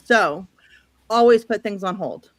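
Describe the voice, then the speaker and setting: At a measured pace, the woman sounds animated, her pitch sitting in the medium range. She's a Midwesterner hosting a casual book stream, chatting and often laughing while reading comments from viewers, captured in a dry recording.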